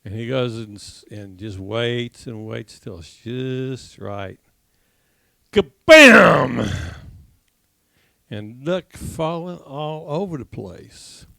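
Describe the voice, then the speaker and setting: A man teaching a congregation class, telling a folksy joke with laughs and loud acted-out gunshots, then leading a prayer. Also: medium pitch, takes it slowly, gravelly, hardly any pauses, dry recording. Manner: jokey storyteller who laughs at his own tale, acts out shots loudly.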